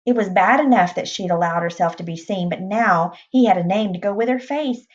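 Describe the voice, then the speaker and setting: A woman reads a novel aloud at a medium pitch, plain and unhurried, with small restarts. The sound is dull and muffled, like a lo-fi recording. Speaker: reader.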